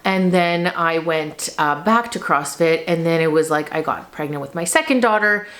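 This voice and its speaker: A woman in her thirties, a lifestyle vlogger, tells her personal story to camera in a chatty, rambling way full of fillers, growing tearful at moments. Her voice sits low, a bit bright, at normal speed.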